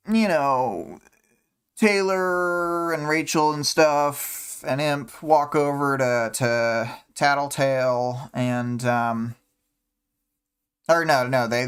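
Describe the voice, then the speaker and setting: A man's voice: mid-range voice, a bit bright, smooth. A man hosting a casual book discussion stream, rambling with many fillers and humming to himself between thoughts. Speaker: podcast host.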